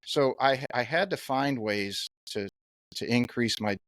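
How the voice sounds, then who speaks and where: A man's voice: mid-range voice, a little slow, fairly bright tone, no echo, rough recording. A man in his fifties hosting a podcast and asking long, earnest, winding questions. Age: 50s. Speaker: podcast host. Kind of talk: podcast interview.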